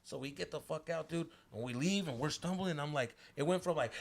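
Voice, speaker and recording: A man's voice: a little high, lively intonation, a little fast, creaky. A man in his thirties telling a wild story on a casual podcast, slangy, swearing often and mixing in Spanish words.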